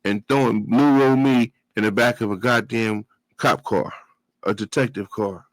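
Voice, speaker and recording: Animated man telling a story. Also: fairly low pitch, measured pace, no room sound, rough recording. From Brooklyn, New York. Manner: animated, profane street talk with vocal sound effects. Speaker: guest telling his life story. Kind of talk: casual storytelling.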